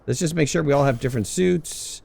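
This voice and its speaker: A man's voice: on the high side, fairly quick, vocal fry, a little mellow. A young man hosting a casual multiplayer game stream, joking and laughing often with his teammates. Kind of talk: casual gaming chat.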